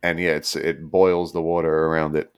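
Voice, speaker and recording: A man's voice: rumbling low, level tone, moderate pace, clean tone. A man co-hosting a casual podcast, explaining animal facts in a laid-back, loose way. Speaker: podcast co-host. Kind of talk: casual chat.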